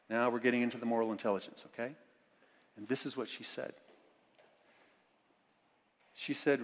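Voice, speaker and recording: A man's voice: medium pitch, fairly even intonation, moderate pace, long pauses. Chatty preacher man in echoing church. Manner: chatty, enthusiastic, many restarts. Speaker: pastor. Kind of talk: conversational sermon. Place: church sanctuary. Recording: long reverb of a church hall.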